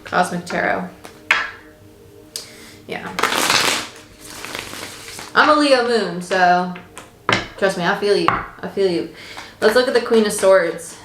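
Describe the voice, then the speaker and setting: A woman's voice: medium pitch, takes it slowly, long pauses. A woman giving a casual, chatty tarot reading, reassuring her listeners and swearing now and then. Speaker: tarot reader. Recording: echoey room with faint noise.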